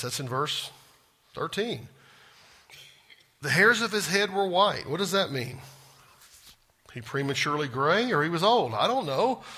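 A man's voice: a little high, sharp tone, breathy edge. A man teaching a Bible class in a church classroom, folksy and drawling, often stopping to quiz the group. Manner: folksy, asks the class questions.

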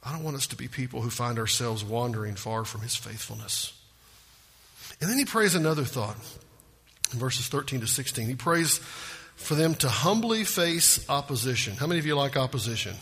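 A man's voice: medium pitch, expressive, moderate pace, fairly bright tone, husky, in a large hall. A man preaching a sermon, earnest and emphatic, asking rhetorical questions. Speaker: pastor.

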